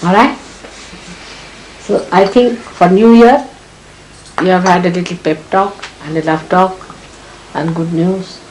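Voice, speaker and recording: A woman's voice: on the low side, steady tone, a little slow, long pauses, darkish tone, low-quality recording. A woman with an Indian accent giving a sermon to her followers in a scolding, exasperated manner, her tone swinging widely. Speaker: spiritual teacher. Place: hall. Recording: archival 1983 talk with faint background noise.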